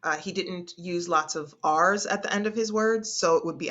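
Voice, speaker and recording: A woman speech instructor teaching an online class, hesitating often and slowly stretching out vowel sounds as she demonstrates them. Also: on the low side, fairly bright tone, muffled recording. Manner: hesitant, with frequent fillers and restarts.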